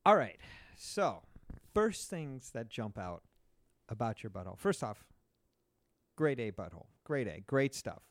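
A man's voice: mid-range voice, sing-song, a little slow, no echo. A man hosting a podcast, teasing his guest with crude, playful banter. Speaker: podcast host.

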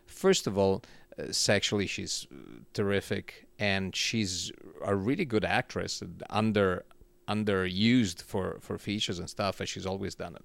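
A man's voice: low voice, unhurried, gravelly, a bit bright, dry recording. A man talking as a guest in a casual chat, hesitant and often searching for words.

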